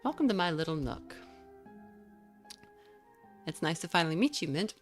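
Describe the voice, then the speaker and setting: A woman voicing a gentle, genteel older lady with courteous, old-fashioned phrasing. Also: fairly low pitch, very animated, moderate pace, faint music behind.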